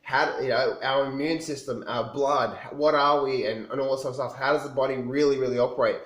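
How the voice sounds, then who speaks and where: A man telling his own story to camera in a casual, rambling way, often restarting and repeating himself. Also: medium pitch. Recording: echoey room.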